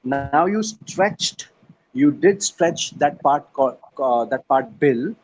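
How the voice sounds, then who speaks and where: This tutor speaks slowly and animatedly in a mid-range voice, guiding an online English practice session by video call. With his Indian English accent, he drills each word syllable by syllable and weaves in Hindi phrases, though the recording quality is low.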